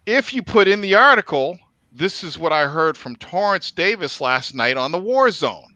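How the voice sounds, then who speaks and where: Animated, high-voiced profane podcast host. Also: male voice, moderate pace, no room sound, low-quality recording. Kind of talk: casual podcast chat.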